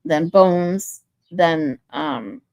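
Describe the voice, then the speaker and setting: Low-voiced and extremely slow, with a darkish tone and no room sound, a tired woman runs a livestream. She talks loosely with the people watching and reads their comments out loud.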